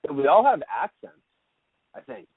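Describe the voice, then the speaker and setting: A man from Canada talks in a relaxed, easygoing way, often repeating a word as he gathers his thoughts. His voice comes through a thin, phone-like remote line. The sound is dry, with no room around it. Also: on the high side, unhurried, breathy edge, no echo. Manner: easygoing, repeats words while thinking. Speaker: guest, lacrosse broadcaster. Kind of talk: casual interview chat.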